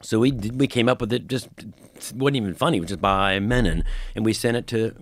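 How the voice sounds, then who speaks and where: A man's voice: lowish voice, brisk. A male comedian telling a rambling, stammering, profane anecdote as a podcast guest. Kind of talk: anecdotal storytelling.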